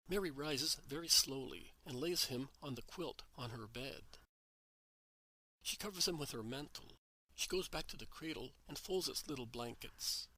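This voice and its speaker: A man narrating a devotional story in a slow, gentle, reverent reading. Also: a little high, breathy edge, no echo, poor audio.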